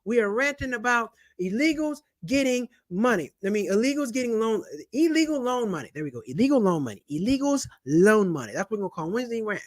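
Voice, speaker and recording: Loud joking man ranting to camera. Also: high voice, quick pace, hardly any pauses, no echo, studio quality. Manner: loud, animated, slangy and joking. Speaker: channel host and comedian. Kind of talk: casual personal finance vlog rant. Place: at home, seated in a chair. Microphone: camera mic.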